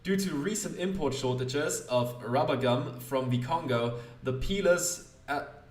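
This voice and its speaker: A man plays a gruff middle-aged smuggler who bargains hard. He speaks curtly, sounding roomy and set back from the mic. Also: a little high, unhurried, distant mic, lightly acted.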